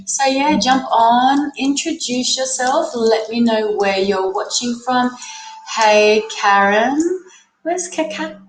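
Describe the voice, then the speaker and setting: A woman's voice: on the high side, slow, slight background noise. An Australian woman with a cold hosts a casual livestream, greeting viewers by name and reading their comments aloud. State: has a cold. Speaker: livestream host, tarot reader. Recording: echoey room with music playing. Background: music.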